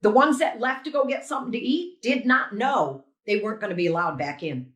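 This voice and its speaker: A woman recounting events in an animated way, recorded in an echoey room. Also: fairly high pitch, a little fast, dull audio.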